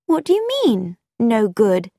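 Woman narrator as a brisk, teasing society girl; firm, lively delivery, dry close sound. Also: fairly high pitch, no echo, pitched above the performer's own voice, full character voice. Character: confident upper-class young woman, teasing.

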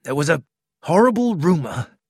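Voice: medium pitch, very animated, moderate pace, slightly rough, no echo, studio quality. A reader voicing a nervous, defensive man who speaks in a trembling voice.

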